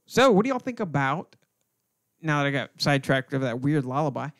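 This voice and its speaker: A man's voice: a little high, big pitch swings, fairly quick. A man hosting a podcast, chatting in loose, joking, profane banter. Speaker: podcast host. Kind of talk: casual podcast chat.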